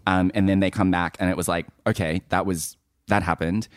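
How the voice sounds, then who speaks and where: A man co-hosting a podcast, recapping a reality show in casual, jokey chat with quick asides. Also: deep voice, fairly even intonation, dry recording, studio quality. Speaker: podcast co-host.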